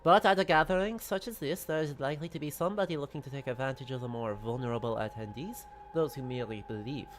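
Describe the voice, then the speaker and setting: A man reading a polite French investigator's lines in a deliberately bad fake French accent. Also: mid-range voice, slight background noise, lightly acted. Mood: courteous. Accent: exaggerated fake French. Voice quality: deliberately hammy.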